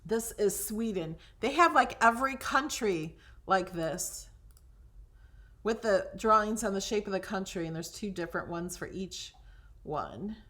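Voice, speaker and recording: A woman's voice: medium pitch, lively intonation, measured pace, fairly bright tone. A woman hosting a casual crafting tutorial, chatting and thinking aloud as she browses designs, sometimes dropping to a whisper over things she likes.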